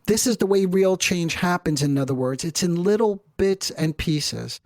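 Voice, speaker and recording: A middle-aged male therapist giving an educational talk in a measured, explanatory way with rhetorical asides. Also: high-pitched, animated, a little mellow, no echo. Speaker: therapist host.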